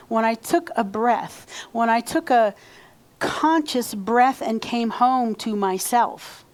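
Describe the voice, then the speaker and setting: A woman's voice: a little high, takes it slowly. A woman reverend giving a conversational sermon in church and leading the congregation in repeated affirmations. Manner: conversational, leads call-and-response affirmations. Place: church sanctuary.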